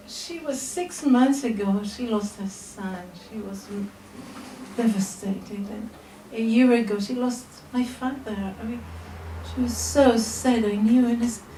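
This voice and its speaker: A middle-aged woman telling a heartfelt personal story at a live storytelling event, soft and hesitant with restarts. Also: fairly high pitch, a little slow. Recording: roomy distant live recording, faint noise.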